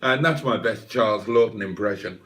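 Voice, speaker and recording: A man's voice: fairly low pitch, normal speed, fairly bright tone, distant mic. A man hosting a livestream and reading out chat in a playful, wry, mock-theatrical way. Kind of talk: casual chat.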